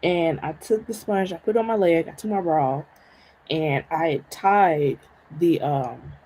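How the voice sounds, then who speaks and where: A woman's voice: deep voice, unhurried, dark tone, rough recording. A woman hosting a live stream, chatting casually through a personal story, laughing often and checking in with "right?" and "okay?".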